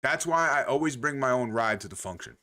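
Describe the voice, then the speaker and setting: A man's voice: medium pitch, a little fast. A man chatting casually on a livestream, rambling and swearing freely, often laughing at his own stories. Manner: animated, profane, rambling with laughs.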